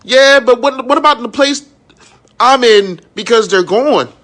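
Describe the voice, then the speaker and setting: A man in his thirties with a high, tense, bright voice speaks in a raw live-stream monologue. He is frank and emotional and curses freely. He keeps checking that his audience is with him. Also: a little slow. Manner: raw, frank and emotional, with profanity and many "you know what I'm saying". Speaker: minister and entrepreneur.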